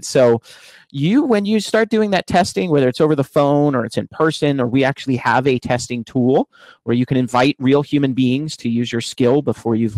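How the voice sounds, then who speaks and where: A man talks through a technology presentation from his home office in a relaxed, explanatory way. He leans on fillers and restarts. His middle-range voice sits close to the mic, in a dry room with no reverb. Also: medium pitch. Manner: casual, explanatory, many fillers. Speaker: conference speaker. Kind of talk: online tech talk.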